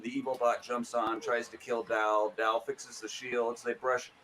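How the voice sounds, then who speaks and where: A man's voice: medium pitch, little pitch movement, measured pace, a bit bright, a little hiss or hum. A man recapping an episode in a casual, joking, rambling way. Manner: joking, rambling retelling with quoted voices. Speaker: podcast co-host.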